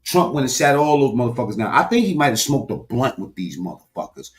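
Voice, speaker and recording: A man's voice: mid-range voice, fast talker. Man ranting profanely to his viewers. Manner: animated, loud swings, heavy swearing, talks to viewers directly. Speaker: political commentary vlogger.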